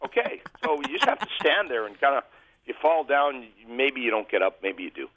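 A man's voice: mid-range voice, sing-song, a little fast, a little hiss or hum. Male guest, ex-goalie, chatty self-deprecating storyteller, phone-quality audio. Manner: humorous, self-deprecating anecdotes. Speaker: guest, former hockey goalie. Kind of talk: casual interview storytelling. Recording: tinny phone-like line.

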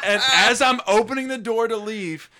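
A young man telling a wild story in casual chat, animated and profane, often laughing. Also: high voice, normal speed, slight background noise.

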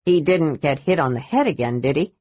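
A woman voicing a grim, steady male half-elf leader in a storybook reading, cautious and quiet. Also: deep voice, brisk, no room sound. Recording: dull dry recording.

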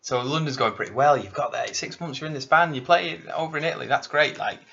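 A man's voice: a little high, quick pace, vocal fry, pushed and bright, a little hiss or hum. A man hosting a casual podcast interview, asking chatty, leading questions with playful asides. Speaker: podcast host. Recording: muffled lo-fi podcast recording.

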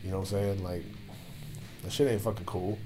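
Over background music, a man with a deep voice and fairly even intonation hosts his own podcast at a brisk clip. The episode is a loose solo rant packed with swearing as he drinks a beer.

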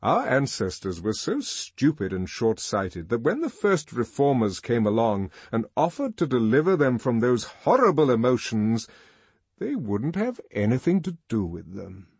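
A man's voice: medium pitch, very animated, normal speed, darkish tone, slightly rough, dry recording, voice pushed up. A man voicing an older, commanding world controller in an audiobook, lecturing in a lofty, emphatic way.

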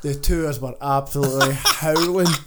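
Animated Scottish man telling gym stories. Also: fairly high pitch, fairly quick, heavy background noise. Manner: animated, laughs through his stories. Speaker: podcast co-host, gym owner. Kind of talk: casual chat, storytelling.

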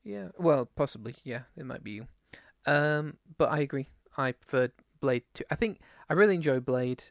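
A man's voice: medium pitch, expressive, moderate pace, creaky, dry recording, studio quality. A man co-hosting a casual podcast, rambling and self-deprecating, with lots of fillers. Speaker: podcast co-host. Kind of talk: casual chat.

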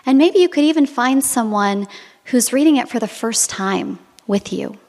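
A woman's voice: on the high side, expressive, normal speed, a little mellow. Woman giving a sermon, reflective storytelling, echo trailing off like a big hall. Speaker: preacher. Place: monastery.

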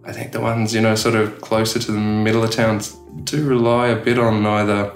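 A middle-aged man with an Australian accent, speaking with a gravelly, low voice in a casual interview. He rambles, restarting sentences and leaning on filler phrases. The room has a lot of echo. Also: flat delivery, a little fast, faint music behind. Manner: rambling, many "you know" fillers and restarts. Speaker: tattoo artist guest. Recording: echoey room.

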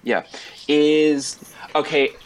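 A man's voice: on the high side, extremely slow, slight background noise. Man narrating his character in a tabletop game. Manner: narrates his character in third person, animated. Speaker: player. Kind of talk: casual tabletop play.

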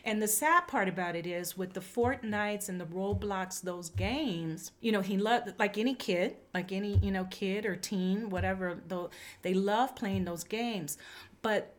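A woman's voice: medium pitch, unhurried. An older woman co-hosting a Christian podcast, telling a family story in a casual way and acting out the quoted voices. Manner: animated, acts out quoted dialogue. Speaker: podcast co-host.

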